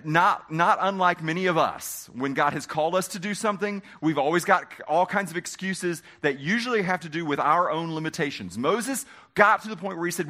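A man preaching a sermon as pastor, slowing down to stress quoted words. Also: fairly high pitch, bright, forceful tone. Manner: emphatic preaching with slow dramatic quotes.

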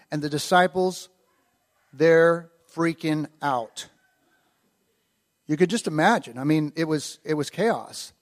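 Male preacher, informal storytelling delivery, a touch high-pitched, acts out the quotes. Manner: conversational, acts out quoted lines with rising animation. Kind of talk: casual storytelling sermon.

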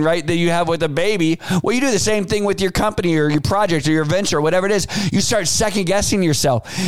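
A man in his forties hosts a business advice podcast. His voice is fairly high for a man, smooth and clear, recorded close and dry. He speaks in a loose, animated way and acts out the quotes. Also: no echo. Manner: animated storyteller, acts out quotes, frequent fillers. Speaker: podcast host. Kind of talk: casual advice talk.

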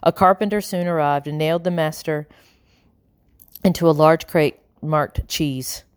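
A woman reading an audiobook in a measured, expressive narrating style. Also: deep voice, smooth, dry recording, studio quality. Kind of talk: scripted narration.

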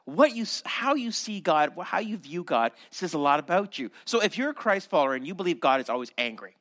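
A Canadian man delivers a sermon, teaching with animated asides and the odd restart. His voice is bright and sits a little high for a man. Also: fairly quick. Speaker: pastor.

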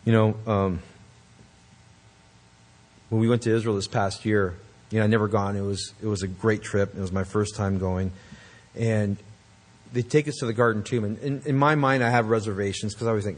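A man's voice: medium pitch, normal speed. A man preaching a sermon, emphatic and earnest, with conversational asides to the congregation. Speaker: pastor.

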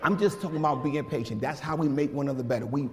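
Brief: pastor, man, slightly high voice, loose and slangy delivery, sermon in a big reverberant church. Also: rapid-fire, crowd noise. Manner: animated, slangy, conversational preaching. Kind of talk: casual, lively sermon. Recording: long hall reverb.

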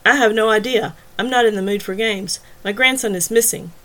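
A woman's voice: medium pitch, a little fast, a bit bright, lightly acted. A commanding police chief with a blunt, clipped way of speaking, read by a woman, urgent and to the point. He sounds like an audiobook lead under pressure. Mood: tense.

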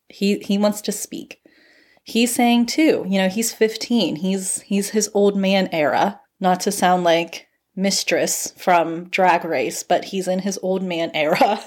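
A woman in her thirties hosting a podcast, giving a casual motivational talk and laughing often as she gets fired up. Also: mid-range voice. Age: 30s. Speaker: podcast host. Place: at home. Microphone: phone.

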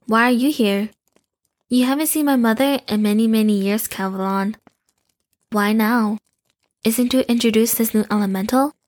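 A watchful young shapeshifter woman , voiced by a woman in an audio drama. Her voice sits a little high and is recorded dry and close. She speaks calmly and courteously, with measured phrasing. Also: dry recording, close to an everyday voice. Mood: wary.

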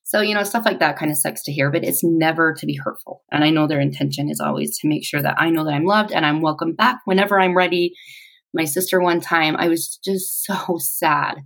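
A woman in her forties telling her personal story in an interview, reflective and halting, with pauses. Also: sits low, fairly even intonation, vocal fry, a bit bright, rough recording.

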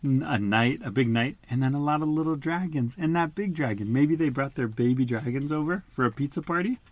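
A man reads a picture book aloud to a child at an easy middle pitch. He is patient and stops to explain words in simple terms. The sound is dry and close, with little room echo. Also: brisk. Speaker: storybook reader.

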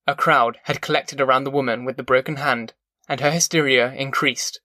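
In studio-quality audio with no room sound, a man with a mid-range voice reads an audiobook, telling the story at a steady, measured pace.

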